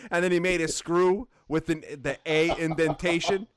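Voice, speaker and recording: A man's voice: fairly high pitch, steady tone, moderate pace, slight background noise. A man co-hosting a casual live talk show, telling stories animatedly, laughing often and saying "like" a lot. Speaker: co-host. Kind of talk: casual live-stream chat.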